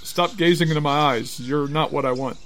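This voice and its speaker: Melodramatic man with a slightly high voice. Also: fairly quick, fairly bright tone. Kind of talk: improvised comedy play. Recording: crowd noise behind.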